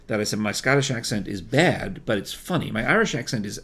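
A man's voice: on the low side, expressive, fairly quick, a bit bright, slightly rough. A middle-aged man co-hosting a podcast, chatting casually and telling playful stories. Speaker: podcast co-host. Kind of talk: casual chat.

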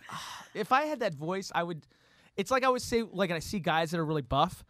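A man hosting a podcast in a studio, chatting enthusiastically with quick asides. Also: high voice, animated, a bit bright, no room sound. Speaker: podcast host. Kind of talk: casual interview chat.

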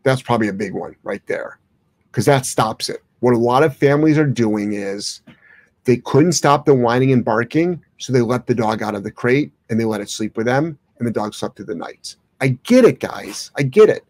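A man's voice: mid-range voice, expressive, moderate pace, darkish tone, dry recording. A man who trains dogs for a living, answering viewer questions in a blunt, opinionated way, swearing now and then. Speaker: dog trainer.

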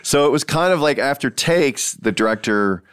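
A man's voice: medium pitch, lively intonation, normal speed, fairly bright tone, clear, resonant tone, no room sound. A man, an actor, chatting casually and rambling through his stories with plenty of "like" and hesitations. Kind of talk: casual conversation.

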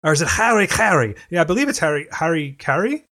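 A man's voice: a little high, sing-song, quick pace, pushed and bright. Dry, teasing man on a podcast. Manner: dry, teasing, laughs often. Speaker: podcast co-host. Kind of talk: casual chat.

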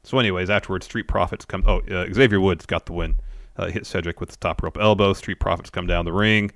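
A man with a fairly low voice recaps events in a measured, casual way, dropping in plenty of fillers. He co-hosts a podcast. The sound is dry and close-miked. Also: steady tone, a bit bright, dry recording. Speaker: podcast co-host. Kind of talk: casual chat.

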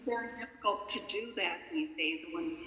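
A woman's voice: lowish voice, normal speed, pushed and bright. A woman, an author, being interviewed. She talks in a thoughtful way and repeats words while she searches for them. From United States. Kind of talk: interview conversation. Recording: echoey room with long reverb, faint noise.

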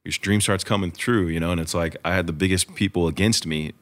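Low voiced guy hosting a podcast, talks fast, all about believing in yourself. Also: steady tone, a bit bright. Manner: earnest, motivational. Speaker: podcast host. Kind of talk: casual podcast conversation.

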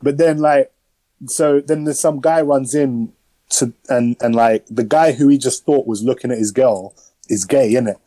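A man's voice: medium pitch, normal speed, warm tone, no room sound, poor audio. Slangy man chatting dry. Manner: rambling, slangy, lots of fillers. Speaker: podcast host. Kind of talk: casual film review chat.

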